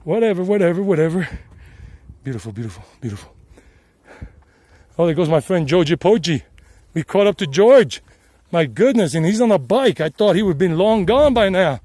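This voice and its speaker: Casting: middle-aged Southern US man, slightly high and mellow, rambling as he walks a trail with a phone in hand. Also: animated, moderate pace, dry recording. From South Carolina, United States. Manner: chatty, meandering, repeats himself. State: sweating from the climb. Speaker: travel vlogger and English teacher. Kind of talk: casual rambling narration while hiking. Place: outdoors on a mountain trail. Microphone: handheld phone.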